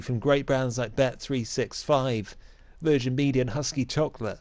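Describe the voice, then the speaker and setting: A young man commentating on a football game for laughs. His voice sits at an ordinary mid pitch, and he delivers mock-serious rants with mounting indignation. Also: moderate pace, few pauses, darkish tone, no room sound.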